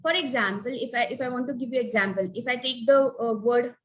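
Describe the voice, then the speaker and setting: A woman teaching spelling rules in an online webinar, slowly sounding out letters and example words. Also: a little high, rough recording. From India. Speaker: phonics teacher. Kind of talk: webinar lesson.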